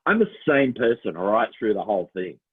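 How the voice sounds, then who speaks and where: The audio is tinny, as if over a phone line, as a middle-aged Australian man co-hosts a casual podcast chat. His voice is fairly low and slightly rough, his pace fairly quick, and he tells stories animatedly with frequent laughs and little voices.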